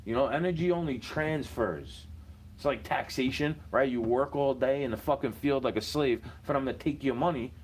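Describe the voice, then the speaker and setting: A man's voice: medium pitch, normal speed, a little hiss or hum. A man, rambling in a profane casual monologue full of street slang.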